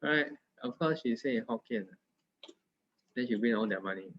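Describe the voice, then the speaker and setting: A man with a Singaporean English accent tutors math in a loose, joking manner, coaxing and teasing his student along. His voice sits at a middling pitch. The recording sounds dull and lo-fi. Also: normal speed, breathy edge. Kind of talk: casual tutoring session.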